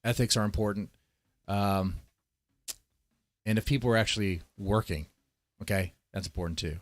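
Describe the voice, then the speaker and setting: A man's voice: on the low side, moderate pace, no room sound. A man streaming live, rambling through casual, profane commentary and talking straight to his chat. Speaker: streamer reacting to a video.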